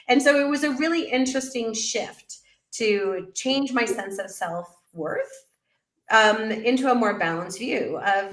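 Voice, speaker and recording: A middle-aged woman, a business coach guest in an interview, telling her story in an animated way and acting out her own past remarks. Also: a little high, unhurried, roomy sound. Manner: animated storyteller, quotes herself in lively voices. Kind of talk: conversational interview.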